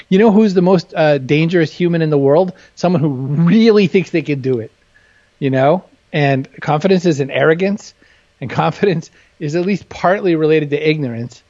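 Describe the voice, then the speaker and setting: A man's voice: a little high, a little mellow, no echo, highs cut off. A man talking candidly and with humor as an interview guest, often self-deprecating. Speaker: guest author. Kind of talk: casual interview chat.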